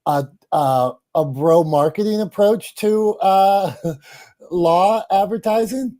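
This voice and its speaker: A man's voice: high-pitched, takes it slowly, mellow. A middle-aged man hosting a casual panel talk, loose, chatty and enthusiastic. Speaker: host.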